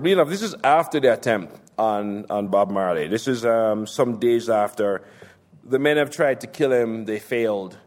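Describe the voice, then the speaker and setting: A man's voice: mid-range voice, big-room sound. A man casually presenting a novel reading in a loose, chatty way with fillers.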